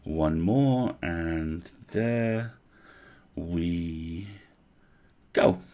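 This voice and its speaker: Storybook part: man doing a kind male elf healer, low gravelly voice, coaxing and gentle. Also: lively intonation, moderate pace. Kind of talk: storybook character reading.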